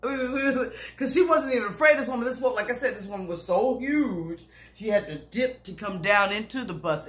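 A woman bus driver telling a comic story to viewers in an animated, chatty way, calling them y'all. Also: a little high, brisk, hardly any pauses. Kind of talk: comedic storytelling to camera. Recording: roomy echo.

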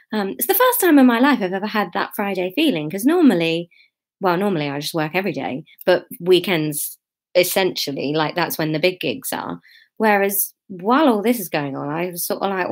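A woman's voice: mid-range voice, lively intonation, fairly quick. A chatty woman livestreaming from her bedroom. She talks in a casual, self-mocking way, greets her viewers by name and reads aloud from her own book. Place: bedroom at home.

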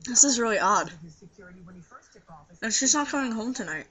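A young trans man with a high voice and a scratchy throat, rambling tiredly to the camera in a casual video diary. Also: lively intonation, moderate pace, sharp tone. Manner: rambling, tired, many fillers. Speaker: video blogger. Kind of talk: casual vlog monologue.

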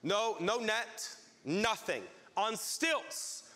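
A man preaching a sermon as pastor, telling a story with lively acted-out crowd voices. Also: sits high, drawn-out words, big-room sound.

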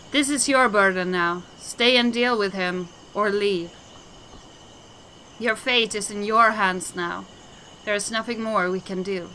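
A woman's voice: mid-range voice, slow pace, pauses often, sharp tone, a little hiss or hum, low-quality recording. A woman voicing a grave elder shaman who speaks in formal, solemn sentences. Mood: resigned. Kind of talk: game dialogue voicing.

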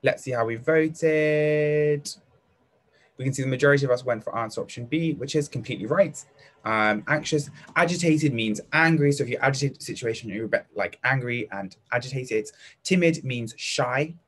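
A young man with a British accent leads a live online lesson for primary school children. He is upbeat and encouraging, reading out pupils' answers by name. His speech is casual and chatty, full of fillers, in a voice of ordinary pitch. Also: moderate pace, fairly bright tone. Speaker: teacher hosting an online lesson.

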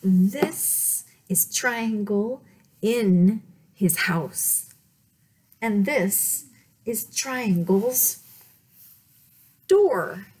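A woman reading a picture book aloud at storytime, slow and playful, often dropping to dramatic whispers. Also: mid-range voice, animated, a little mellow, husky. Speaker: children's librarian reading aloud.

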